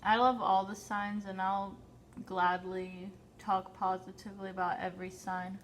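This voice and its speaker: A woman vlogger chatting casually to camera while eating, often filling pauses with "like". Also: mid-range voice, little pitch movement. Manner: chatty, lots of "like" fillers, talks while eating. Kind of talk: casual mukbang chat to camera. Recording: faint background noise.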